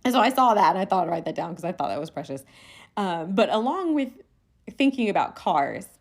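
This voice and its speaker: A woman hosting a solo podcast in a casual chat, animated and chatty, laughing often as she talks. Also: medium pitch, fairly quick, vocal fry. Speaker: podcast host.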